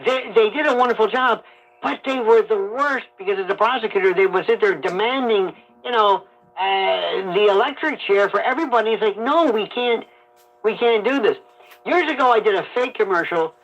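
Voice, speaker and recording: A man hosting a call-in radio talk show, fast and jokey, telling rambling stories over an AM broadcast. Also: sits high, a bit bright. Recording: AM radio broadcast, slightly muffled.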